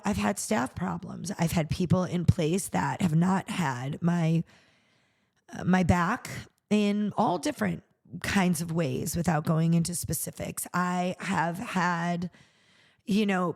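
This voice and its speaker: A middle-aged woman, a charity founder, telling her personal story on a podcast in an earnest, animated way, acting out what people said. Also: fairly low pitch. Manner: earnest, animated retelling with acted-out quotes.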